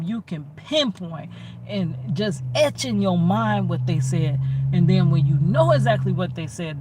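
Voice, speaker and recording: A man telling a personal story in an animated way, acting out both sides of arguments and repeating himself for emphasis. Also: on the high side. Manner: emphatic and repetitive. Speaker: storytelling vlogger. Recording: distant mic with faint background noise.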